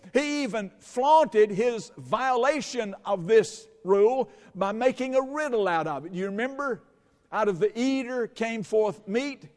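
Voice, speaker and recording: A man's voice: extremely high pitch, darkish tone, in a large hall. A male pastor preaching a sermon, telling stories with quoted dialogue before moving into scripture.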